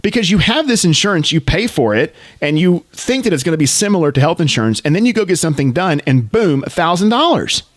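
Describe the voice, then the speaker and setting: A man with a somewhat high, very lively voice co-hosts a podcast, tossing in jokes and quips. His sound is dry and close. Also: no room sound. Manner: joking, quick quips and backchannel. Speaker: podcast co-host. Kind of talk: casual chat.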